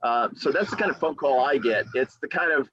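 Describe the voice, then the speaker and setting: A man's voice: medium pitch, fairly quick, husky, no room sound. Dry, slightly muffled male attorney talking. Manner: animated storyteller who acts out quotes; repeats key phrases for emphasis. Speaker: real estate attorney. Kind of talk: motivational podcast talk.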